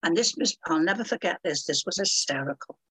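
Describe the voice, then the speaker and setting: A woman's voice: lowish voice, expressive, fairly quick, a bit bright, breathy edge, rough recording. An older woman telling stories as a guest on an interview podcast, in a dramatic, theatrical way. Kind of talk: storytelling interview.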